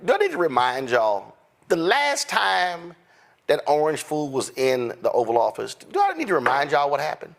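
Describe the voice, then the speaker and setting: A man's voice: a little high, huge pitch swings, moderate pace, creaky, a bit bright. A man hosting a political commentary show, talking in a fiery, sarcastic way with mocking asides. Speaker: host.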